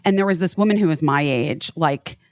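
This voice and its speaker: Brief: woman host, lowish voice, dry close sound, rambling casual talk full of "like" and curse words. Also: brisk, no echo. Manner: rambling, swears freely, many fillers. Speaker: podcast host. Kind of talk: casual chat.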